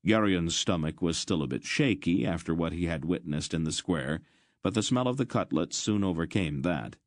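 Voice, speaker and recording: A man with a low, deep voice narrates an audiobook in a measured, storytelling way. The recording is dry and close, with no room sound. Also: animated, no echo.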